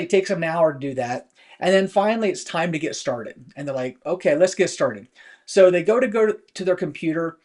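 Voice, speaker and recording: A man with a fairly high voice hosts a weekly business talk. He speaks conversationally and rambles a little, leaning on fillers as he tells stories from work. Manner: conversational storytelling with many fillers. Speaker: host.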